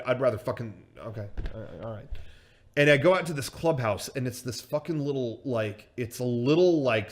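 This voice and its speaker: A man hosting a livestream who tells a long comic story in a rambling, profane way with many fillers. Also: fairly high pitch. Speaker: comedy show host telling a story. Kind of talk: casual comedic storytelling on a livestream.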